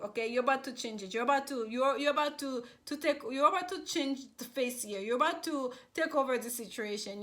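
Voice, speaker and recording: A woman's voice: on the high side, fairly bright tone. A woman giving a casual tarot reading, chatty and rambling, with many fillers and restarts. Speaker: tarot reader.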